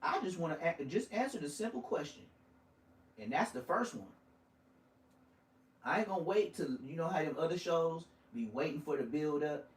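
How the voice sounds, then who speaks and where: A man hosting his podcast in a loud, rambling, profane rant. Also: fairly high pitch, lively intonation, moderate pace, pauses often, slightly rough. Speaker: podcast host. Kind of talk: casual ranting podcast monologue.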